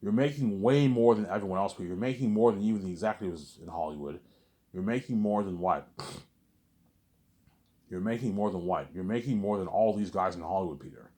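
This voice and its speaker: A man talks in a rambling vlog monologue, boastful and repetitive, with swearing mixed in. He speaks quickly in a low voice. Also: mellow. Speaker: vlogger.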